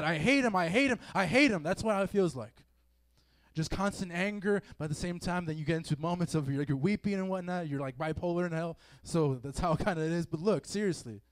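A man's voice: on the high side, darkish tone, dry recording. A man giving a casual sermon to a youth group in a meeting room, chatty and full of fillers. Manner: conversational, filler-heavy, acts out quoted feelings. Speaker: youth preacher. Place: meeting room with a live audience.

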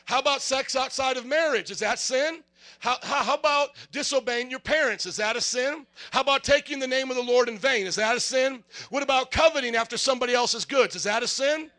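A man's voice: very high voice, a little fast, sharp tone. A man preaching a sermon, firing rhetorical questions and acting out little dialogues.

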